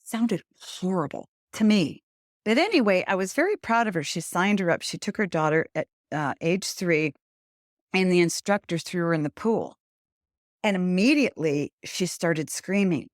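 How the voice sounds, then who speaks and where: An older woman hosts a podcast interview in a lower, settled voice. She speaks earnestly and punches her advice with emphasis. The sound is dry and close to the mic. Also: animated, moderate pace, no room sound. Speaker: podcast host. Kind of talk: conversational interview.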